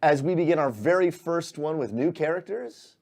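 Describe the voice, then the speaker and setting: A man acting as game master, narrating a closing scene and thanking players in a relaxed way with many fillers. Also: on the high side, moderate pace, creaky.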